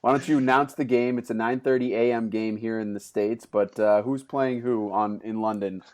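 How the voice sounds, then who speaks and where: Low-voiced guy hosting a chill podcast, lots of ums and restarts. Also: normal speed. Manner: relaxed, loose, with frequent fillers and restarts. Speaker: podcast host. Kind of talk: casual podcast chat.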